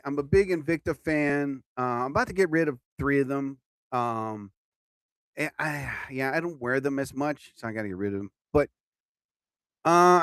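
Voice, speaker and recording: A man's voice: mid-range voice, fairly bright tone, no echo. Chatty man rambling on a live stream. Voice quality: rambling, chatty, drifts between topics. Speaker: live stream host and comedian.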